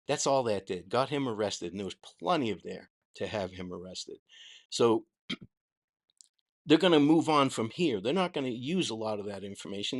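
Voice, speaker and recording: A man from Boston with a Boston accent, hosting a live stream and giving blunt, profane opinions while reading viewer questions. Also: mid-range voice. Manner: answers chat questions. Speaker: host. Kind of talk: casual live-stream commentary.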